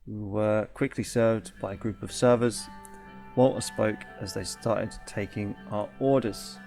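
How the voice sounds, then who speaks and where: A man's voice: on the low side, fairly even intonation, a little slow, creaky, darkish tone, soft background music. A man hosting a let's play, reading the game's text aloud and chatting, correcting himself and laughing often.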